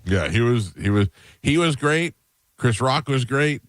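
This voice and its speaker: A man's voice: medium pitch, a little slow, no room sound, clean studio sound. A man hosting a morning radio show, chatting casually and telling rambling stories. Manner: rambling, animated storytelling.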